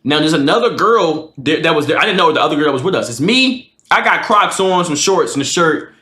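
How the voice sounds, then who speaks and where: A man's voice: a little high, expressive, fairly quick, pushed and bright, echoey room. A man streamer telling a casual storytime in a slangy, profane way, acting out the people in his story.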